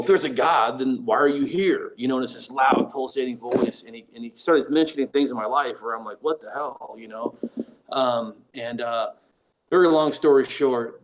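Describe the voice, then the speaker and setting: A man speaking at an ordinary middle pitch, recounting his own story as an interview guest. He talks haltingly, stopping often with ums and restarting his sentences. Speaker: guest paranormal investigator.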